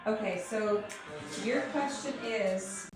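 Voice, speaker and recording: A woman's voice: medium pitch, slow, music in the background. A young woman working as an interior designer, narrating a casual home renovation vlog indoors in a chatty, upbeat way full of fillers. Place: house under renovation, indoors.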